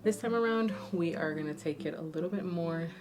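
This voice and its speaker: A young woman, a stay-at-home mom, narrating her vlog in a soft, relaxed, chatty voiceover, a little out of breath. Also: on the low side, a little fast. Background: guitar music.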